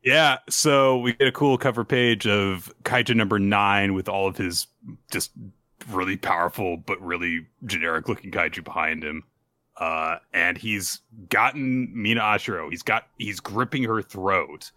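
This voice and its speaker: A man's voice: on the low side, unhurried, dry recording, clean studio sound. A man casually recapping a manga chapter on a podcast, acting out the characters' lines as he goes. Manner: animated retelling, acts out character lines. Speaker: podcast co-host.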